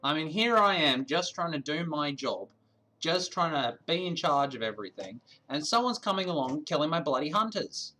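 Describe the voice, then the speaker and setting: Guy doing a loud aussie boss, higher than his normal voice, all slang and bluster. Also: very animated, moderate pace, exaggerated voice. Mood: outraged. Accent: put-on Australian. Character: brash Australian male boss.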